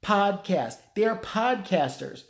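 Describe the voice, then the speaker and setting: A man's voice: high-pitched, expressive, takes it slowly. A man giving a casual, rambling movie review, swearing freely and acting out characters' lines. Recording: echoey room.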